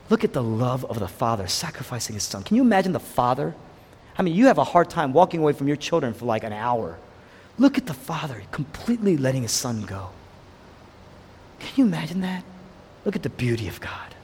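A man preaching a sermon, swinging between loud exclamations and hushed whispers, asking his listeners rhetorical questions. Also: fairly high pitch, breathy edge. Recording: long hall reverb.

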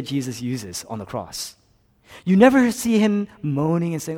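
A man preaching a sermon as a pastor, swinging between loud, emphatic passages and hushed, whispered ones. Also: fairly high pitch, sing-song, moderate pace, long reverb tail.

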